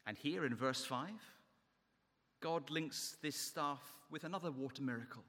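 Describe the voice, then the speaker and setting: A man's voice: fairly high pitch, a little slow, bright, forceful tone, big-room sound. A man preaching a sermon in an emphatic delivery that rises and falls. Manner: emphatic, rising and falling delivery.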